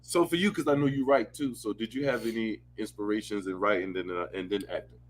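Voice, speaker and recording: A man's voice: fairly low pitch, fast talker, slight background noise. A man hosting a casual podcast interview, teasing his guests and laughing often. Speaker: host.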